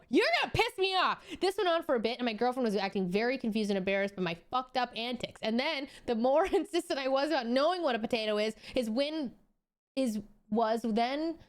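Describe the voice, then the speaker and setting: Reading a story aloud on stream, a young woman reacts with animated disbelief, laughing a lot and swearing freely. Her voice is fairly high, and she talks a little fast.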